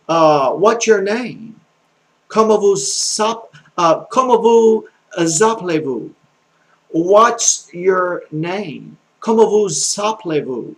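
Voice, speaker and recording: A man from the American South with a country accent, teaching basic French phrases in a slow, halting way full of pauses and repeats. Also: a little high, vocal fry. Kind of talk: casual home video lesson.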